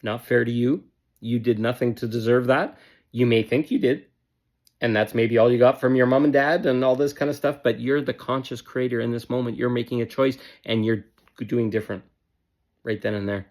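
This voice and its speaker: A man's voice: mid-range voice, fairly even intonation, normal speed, darkish tone. Emphatic blunt self-help man. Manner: emphatic, repetitive, blunt with casual swearing. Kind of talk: motivational self-help talk.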